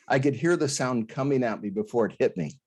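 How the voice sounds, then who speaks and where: A man from Idaho, a guest author on an interview, telling a personal story in an earnest, halting way, full of restarts and quoted voices. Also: mid-range voice, darkish tone.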